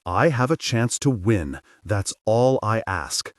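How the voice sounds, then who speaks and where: A man's voice: on the low side, big pitch swings, slow pace, no room sound, clean studio sound. A man voicing a brave, determined teenage girl who gives urgent, commanding orders, read for an audiobook. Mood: resolute.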